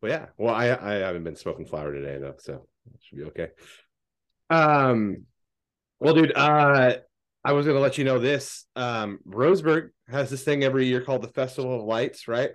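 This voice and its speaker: Man, podcast co-host, casual storytelling, swears a lot, loud acted-out quotes, middle pitch. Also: normal speed. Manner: animated, swears freely, acts out quotes loudly.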